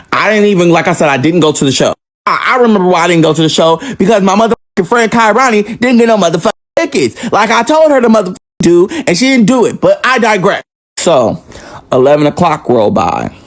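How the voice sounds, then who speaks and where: A man with a fairly high voice tells a personal story in a loose, unscripted monologue. His delivery is animated and dramatic, and he swears freely as he builds each beat.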